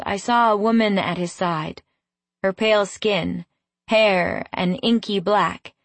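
A woman narrates a first-person fantasy tale at a slow, unhurried pace. Her reading is gently expressive and even. The recording is dry and close, with no room sound. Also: medium pitch, no room sound. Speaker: audiobook narrator.

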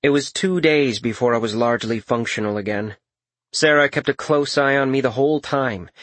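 A man reading a first-person audiobook in a measured, wry manner. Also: mid-range voice, fairly bright tone, no room sound. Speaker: narrator.

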